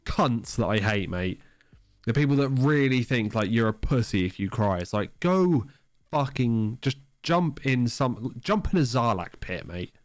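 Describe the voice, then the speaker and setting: A man's voice: medium pitch, expressive, measured pace, no room sound. A young man, co-hosting a casual livestream podcast, talking loosely and swearing freely. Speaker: podcast co-host.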